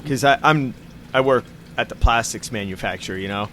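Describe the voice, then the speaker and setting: A man's voice: medium pitch, a little fast, pushed and bright, a little hiss or hum. A man hosting a podcast in casual chat, laughing often and swearing freely. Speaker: podcast host.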